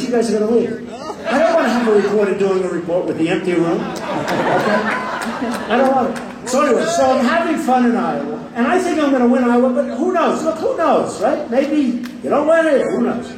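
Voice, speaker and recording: A man giving a campaign rally speech, boastful and rambling, repeating himself and taking sarcastic jabs at the press. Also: very high-pitched. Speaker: political candidate. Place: large packed hall with a crowd. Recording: echoey hall from far off, crowd noise.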